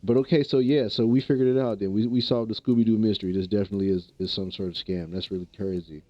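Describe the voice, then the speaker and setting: A man's voice: on the low side, fairly even intonation, quick pace, dark tone, no echo, highs cut off, soft background music. A man from the American Midwest chatting casually with viewers on a livestream, laid-back and rambling, often repeating himself. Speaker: streamer.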